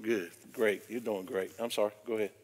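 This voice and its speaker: A man, a pastor leading a Bible study. He talks conversationally and often rises into loud, emphatic preaching. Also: on the low side, fairly even intonation, fairly quick. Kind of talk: informal Bible study teaching. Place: church room. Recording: long church reverb.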